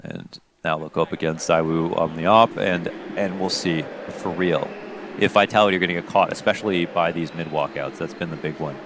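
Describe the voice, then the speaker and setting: Deep-voiced man doing esports analysis. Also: moderate pace, background noise. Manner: relaxed explanatory analysis. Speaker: color commentator.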